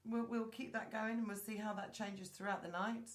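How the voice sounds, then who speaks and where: A woman's voice: medium pitch, fairly even intonation, moderate pace. A woman hosting a chat show, chatting casually and reading news stories aloud, stumbling over names. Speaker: host. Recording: roomy echoey room.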